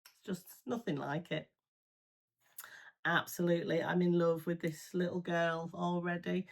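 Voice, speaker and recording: A woman's voice: fairly low pitch, steady tone, measured pace, vocal fry. A woman, a first-time grandmother, chatting casually and gushing while doing her makeup, with plenty of ums. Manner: chatty and gushing, with many fillers. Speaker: beauty vlogger.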